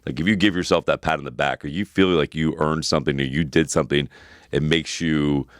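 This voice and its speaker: Podcast co-host, man, thirties, deep and quick, rambling storyteller with a dry close sound. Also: fairly even intonation, dry recording. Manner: rambling storyteller, swears freely, repeats himself. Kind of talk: casual chat.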